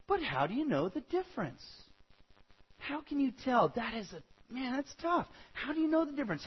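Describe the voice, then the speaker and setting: A man preaching a sermon as pastor, animated and acting out quoted voices, with a husky voice. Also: sits high, lo-fi sound.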